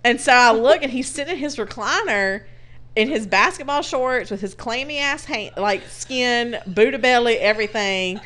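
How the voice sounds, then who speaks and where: A woman in casual chat, telling a story in an animated, profane way and laughing often. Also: fairly high pitch, moderate pace. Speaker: podcast co-host telling a dating story.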